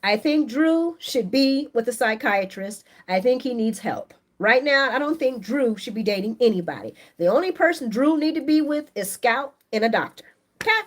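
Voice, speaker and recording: A woman's voice: fairly high pitch, normal speed. A woman hosting a casual live stream, reading viewer comments aloud and giving her chatty, opinionated take. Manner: chatty and opinionated, animated, laughs often. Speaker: soap opera recap host on a live stream.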